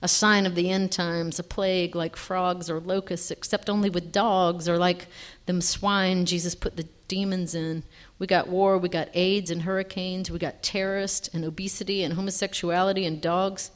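A woman voicing a preachy schoolboy who quotes scripture, in a slow, preachy delivery. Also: on the low side, little pitch movement, close to an everyday voice. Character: preachy boy student quoting scripture.

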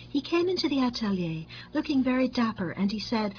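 A woman narrating a literary story in a measured, wry and deliberate way. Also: fairly high pitch, expressive, lo-fi sound, slight background noise.

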